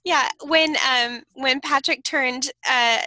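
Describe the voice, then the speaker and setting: A woman hosting a podcast in an enthusiastic, gushing way, her voice pitched high and sounding bright. The sound is close and dry. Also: steady tone, slow, no room sound, poor audio. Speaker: podcast host. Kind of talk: casual chat interview.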